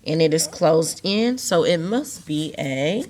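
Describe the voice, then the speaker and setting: A woman's voice: low voice, lively intonation, slow pace, darkish tone. A woman teacher walking young students through a recorded video lesson, repeating key words patiently and stressing them in a sing-song way.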